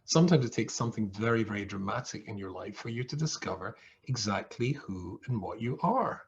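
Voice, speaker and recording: A man's voice: lowish voice, animated, a little fast, a little hiss or hum. A man, a rabbi, tells a comic story to listeners on a video call, swinging his voice up and down as he plays every person in it. The sound is a little dull and lo-fi, as video call audio is. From England. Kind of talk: humorous storytelling talk. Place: home, over a video call. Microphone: video call mic.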